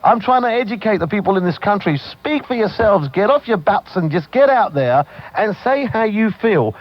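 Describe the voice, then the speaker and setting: A man from Britain hosting a call-in talk radio show, blunt, opinionated and excitable. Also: sits high, normal speed. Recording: muffled 1990s radio broadcast.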